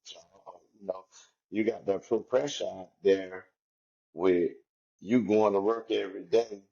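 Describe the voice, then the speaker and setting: A man's voice: lowish voice, gravelly, warm tone, slightly rough, muffled recording. A man, a former inmate, speaks candidly and reflectively about his past, in a loose style filled with "you know" and "like". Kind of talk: candid personal storytelling.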